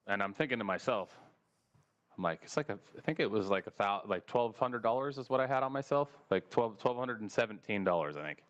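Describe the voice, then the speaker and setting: A podcast host with a fairly low voice speaks fairly quickly, telling a long, profane story in a casual way. He's animated and laughs between lines.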